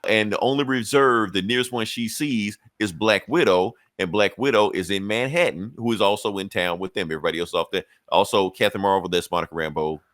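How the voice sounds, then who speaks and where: Man, low-pitched, casual profane comic-recap host, dry close sound. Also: a bit bright, no room sound. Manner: loose, profane storytelling with quick acted-out quotes. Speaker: comic book podcast host.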